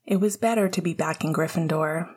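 A woman narrating a fan fiction story aloud in a calm, even storytelling manner. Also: low voice, brisk, husky. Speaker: audiobook narrator.

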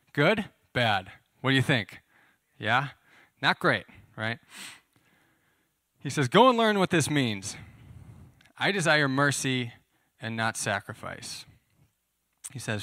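A man gives a relaxed, conversational sermon, reading scripture and unpacking it in plain words. His voice is bright and forward, and it sounds dry and close. He speaks at a middle pitch and now and then turns to ask his listeners questions. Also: no echo. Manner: conversational, asks the audience questions. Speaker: pastor. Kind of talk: sermon teaching.

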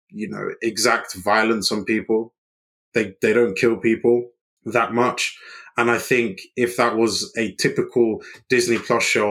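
Male podcast co-host, lowish voice, loose and rambling review talk with lots of ums and restarts. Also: fairly bright tone. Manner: rambling, many restarts and fillers. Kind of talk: casual TV review chat.

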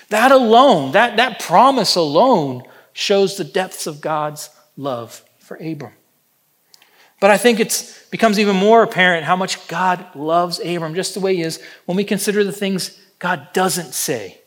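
A man preaching a sermon, building up through loud, emphatic repetitions and then dropping to soft, hushed endings, with personal stories woven in. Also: high-pitched, expressive, a little slow. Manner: storytelling, personal anecdotes. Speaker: pastor.

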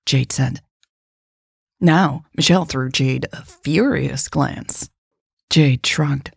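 A woman narrating an audiobook in a measured, quietly dramatic reading, voicing dialogue softly. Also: rumbling low, gravelly, husky, dry recording, studio quality.

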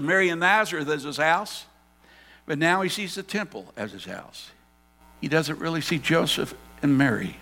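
A male pastor preaching a sermon, telling the story dramatically and swinging between loud and hushed. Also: on the high side, gravelly, in a large hall. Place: church sanctuary.

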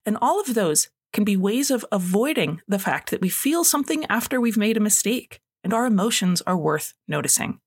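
A woman in her thirties hosts a scripted solo podcast and talks the listener through clear practical steps. Her pitch moves a great deal from phrase to phrase. The recording is dry and close to the mic. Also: no room sound. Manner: clear, instructive, animated with acted asides. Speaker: podcast host, coach on binge eating.

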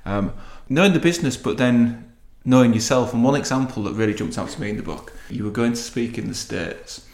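A man's voice: medium pitch, fairly quick, darkish tone, echoey room. A man around forty from England hosting a podcast interview, building thoughtful questions from his guest's book. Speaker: podcast host.

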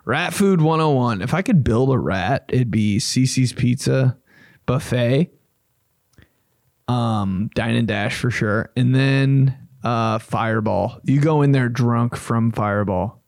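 A man's voice: mid-range voice, slow, a little mellow, dry recording. A man hosting a comedy podcast, riffing loosely and profanely, joking as he reacts, on a close mic. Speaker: podcast host.

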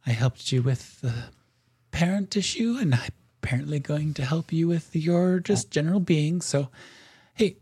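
A man's voice: a little high, animated, moderate pace, warm tone, breathy edge, voice pushed up. A man voicing a casual, chatty deity in a raised, breezy voice.

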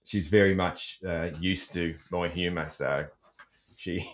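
A man's voice: low voice, steady tone, slow pace. A middle-aged Australian man hosting a casual chat, joking around and swearing freely, with plenty of ums. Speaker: podcast host.

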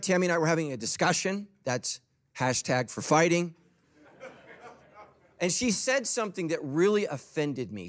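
A middle-aged man preaching a sermon as a pastor, humorous and conversational. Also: fairly high pitch.

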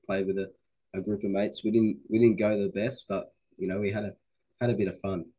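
A man's voice: fairly low pitch, fairly even intonation, fairly quick, dark tone, slightly rough. An Australian man joining a casual sports chat as a guest, answering in short, laid-back replies. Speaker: podcast guest.

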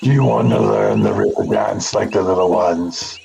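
A man doing a slow, dim-witted troll. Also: very animated, gravelly, highs cut off, music in the background, full character voice. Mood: gruff. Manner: slow and deep.

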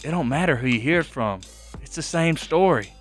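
A man's voice: fairly high pitch, animated, brisk, soft background music, lightly acted. A man voicing a sly young killer with a country Southern accent, drawling and confiding like a film villain. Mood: smug confiding.

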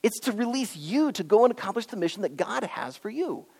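Male pastor, sermon, earnest and animated, lively pitch swings, long hall reverb. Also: brisk, gravelly. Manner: animated, earnest, pleading preaching with swings between loud and hushed. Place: church auditorium.

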